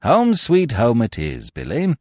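A man voicing a gentle, wry male plainclothes police officer who speaks slowly. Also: mid-range voice, huge pitch swings, no echo, studio quality.

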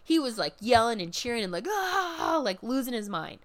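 Speaking fairly quickly in a fairly high voice, this woman tells a chatty, foul-mouthed story about a live wrestling event she's recapping for her podcast. She leans on fillers and performs the quotes as she goes.

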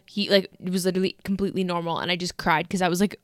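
A woman in her twenties chatting casually with a friend, laid-back and quick to laugh. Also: fairly low pitch, fairly even intonation, no room sound, clean studio sound. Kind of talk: casual chat.

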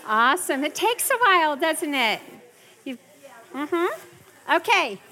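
Middle-aged woman running a parenting workshop; bright, slightly high voice, chatty and checks in with the group. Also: sing-song, slow, slight background noise. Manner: chatty, keeps checking in with listeners. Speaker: parenting class instructor. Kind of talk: workshop teaching to a live group.

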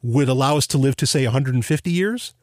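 A man's voice: medium pitch, fast, darkish tone, no room sound, clean studio sound. A man hosting a podcast, musing in casual conversation with lots of fillers and restarts. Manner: rambling, thinking aloud with many fillers and restarts. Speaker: podcast host.

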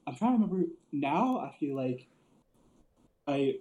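A man's voice: on the high side, sing-song, a little slow, warm tone, highs cut off, a little hiss or hum. A man telling wrestling stories in casual chat, loose and profane, laughing often and filling with "like". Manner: loose storyteller, swears a lot, laughs often, many "like" fillers. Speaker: podcast co-host.

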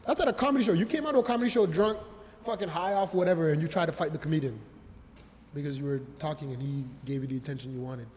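A man tells stories in a loose podcast chat, quick and high-pitched. He acts out what others said and laughs often. His voice rings with a long reverb. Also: a little hiss or hum. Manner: animated, acts out quoted voices, frequent laughter. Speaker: comedian. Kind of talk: casual podcast storytelling.

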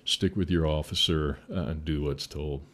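A man's voice: a bass voice, fairly even intonation, normal speed, fairly bright tone. A middle-aged man, a veteran firefighter, telling folksy stories in a casual interview, laughing and acting out quotes.

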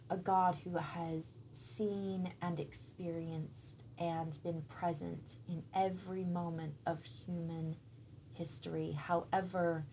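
A woman in her thirties speaks slowly, in a lowish voice, about her faith. She sounds thoughtful and searching, and she often pauses mid-sentence to find the right word. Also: warm tone, slight background noise. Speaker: church member and guest. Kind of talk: reflective faith conversation.

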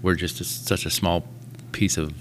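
A man's voice: deep voice, fairly even intonation, normal speed, noisy background. A man in casual conversation, rambling through big thoughts and telling a joke with voiced characters. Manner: rambling, musing, tells jokes with voiced characters. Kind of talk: casual podcast chat.

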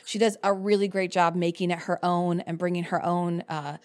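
A woman in her thirties, a cabaret performer, telling lively stories in casual chat and laughing often. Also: fairly low pitch, moderate pace. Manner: animated storyteller, laughs often.

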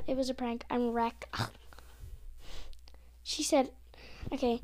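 A woman's voice: high-pitched, level tone, darkish tone. A young woman vlogging casually, reading her text messages aloud and sometimes dropping to a whisper. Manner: reads texts aloud slowly, giggly, drops to whispers. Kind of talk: casual narration while texting.

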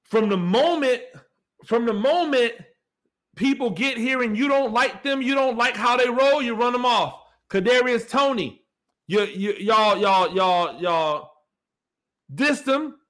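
Heated high-voiced man ranting. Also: a bit bright. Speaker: podcast host. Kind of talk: solo sports commentary rant.

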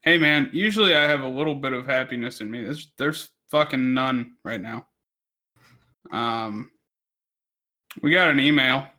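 A man's voice: medium pitch, measured pace, pauses often, bright, forceful tone. A man co-hosting a podcast, telling a rambling story in casual chat, swearing constantly. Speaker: podcast co-host.

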